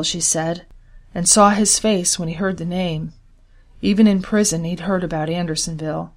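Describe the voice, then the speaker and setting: A woman narrating a historical novel in measured, even storytelling. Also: fairly low pitch. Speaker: audiobook narrator. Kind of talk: scripted narration.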